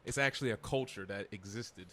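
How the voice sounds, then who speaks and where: A man's voice: on the low side, brisk, bright, forceful tone, soft background music. A man co-hosting a casual podcast chat, rambling and restarting his sentences, with loose slang. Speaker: podcast co-host.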